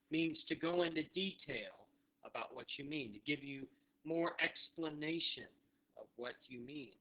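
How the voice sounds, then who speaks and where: Man, English teacher, slow repeated phrases, fairly high voice, muffled lo-fi recording. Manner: slow deliberate modeling, repeats phrases for learners. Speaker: literacy teacher. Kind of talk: ESL lesson, modeling phrases. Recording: muffled lo-fi audio.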